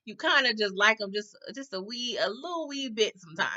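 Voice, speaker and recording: Chatty woman recapping TV, bright voice. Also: on the high side, animated, fairly quick, dull audio. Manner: chatty, acts out characters' lines, keeps asking "okay?". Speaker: TV recap host. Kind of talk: casual TV episode recap.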